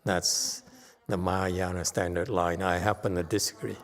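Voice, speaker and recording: A man's voice: level tone, moderate pace. Buddhist teacher guy lecturing, needles the room with questions, long hall reverb. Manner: challenging, with pointed rhetorical questions; sudden rises in pitch and force when stressing a point. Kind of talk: Dharma lecture.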